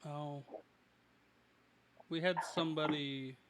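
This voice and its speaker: A man playing in a tabletop game, talking in a low-key, laid-back way. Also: fairly even intonation, slow, background noise. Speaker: player. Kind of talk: casual tabletop play.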